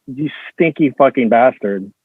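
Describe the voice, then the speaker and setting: A man's voice: medium pitch, measured pace, husky, no echo. A man in casual podcast chat, teasing and joking through a tinny, dry phone-like line.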